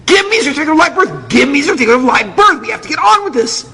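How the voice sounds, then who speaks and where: A man's voice: on the high side, sing-song, very fast, a bit bright, breathy edge, full character voice. A man voicing a frantic, chain-smoking female office clerk who keeps repeating her demands. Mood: frantic, demanding. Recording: reverberant hall.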